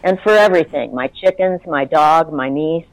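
A woman in her sixties, a guest telling personal stories in a heartfelt, halting way with many fillers. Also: low voice, no echo, poor audio. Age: 60s. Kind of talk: personal storytelling in conversation.

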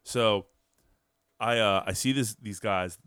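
A low-pitched man hosts a casual podcast and spins a bar story with plenty of swearing and energy. The sound is dry and close to the mic, with no room around it. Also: slow, clean tone, no echo. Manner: profane, animated storyteller. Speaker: podcast host.

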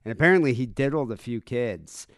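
A man's voice: mid-range voice, expressive, brisk, a bit bright, dry recording, clean studio sound. A man from Michigan, co-hosting a casual true-crime podcast with rambling, crude jokes. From Michigan, USA. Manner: jokey, rambling, crude humor. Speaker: podcast co-host.

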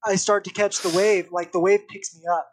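Young man, podcast guest, animated storyteller, casual chat. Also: high voice, fairly quick, slight background noise. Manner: animated, vivid retelling with acted-out quotes.

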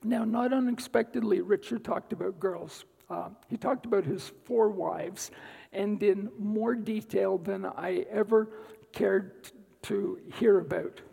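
A man giving a guest talk at church, telling a personal story in an unhurried way with dry asides. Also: sits high, gravelly, mellow, breathy edge, long reverb tail, rough recording. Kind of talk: sermon-style personal testimony. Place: church sanctuary.

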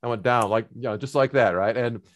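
A man's voice: mid-range voice, fairly quick. A middle-aged man casually telling a long personal story, rambling with many fillers and restarts.

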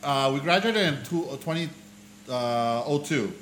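A man tells stories in a casual chat, jumping into voices whenever he quotes someone. His tone is bright and forceful. The room is echoey. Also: medium pitch, moderate pace, a little hiss or hum. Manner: animated storyteller who acts out quoted voices. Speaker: podcast co-host.

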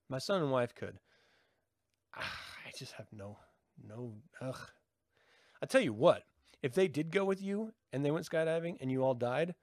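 A man's voice: no echo, studio quality. A middle-aged man rambling and joking in casual chat with his live viewers, laughing often. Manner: animated, jumps in pitch. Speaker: livestream host.

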